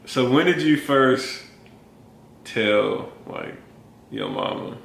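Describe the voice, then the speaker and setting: A man's voice: mid-range voice, wildly swooping pitch, slow, creaky, fairly bright tone, slight background noise. A young man in his twenties chatting casually as a vlogger, laid-back and chiming in with short replies. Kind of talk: casual chat. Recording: echoey room with faint ambience.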